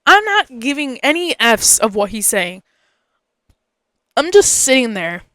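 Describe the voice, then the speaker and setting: A young woman tells a personal story on her podcast in a loose, chatty way, full of asides and fillers. Her voice sounds smooth and clear. She pitches a little higher than most women, and the close mic leaves almost no room sound. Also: very animated, a little slow, pushed and bright, no room sound. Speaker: podcast host.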